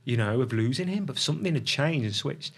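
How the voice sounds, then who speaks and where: A middle-aged man telling a personal story as a podcast guest, reflective and halting, often restarting his sentences. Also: medium pitch, expressive, breathy edge.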